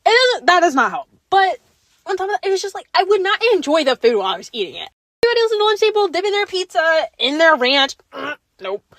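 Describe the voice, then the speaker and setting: A young woman chatting on her own podcast, with a high and very lively voice that swoops around as she tells stories. She slips into playful voices for the people she quotes. The sound is close and dry, with no room echo. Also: fast talker. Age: young adult. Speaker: podcast host. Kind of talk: casual solo chat.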